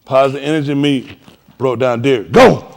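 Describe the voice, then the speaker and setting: A man's voice: mid-range voice, normal speed, vocal fry, a little mellow. A man coaching a group class, joking and laughing as he runs practice drills. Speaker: class instructor.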